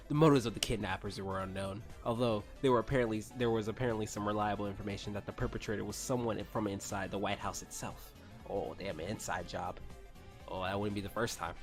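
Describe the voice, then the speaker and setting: A man reading fanfiction aloud and breaking off for sarcastic, swearing commentary, stumbling over words now and then. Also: lowish voice.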